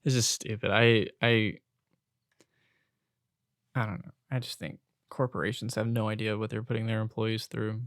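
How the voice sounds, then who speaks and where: Young male podcaster, exasperated solo rant, gravelly voice, dry close recording. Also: fairly low pitch, flat delivery, moderate pace, long pauses, fairly bright tone, no echo. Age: young adult. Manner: exasperated, venting, swears casually. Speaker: podcast host.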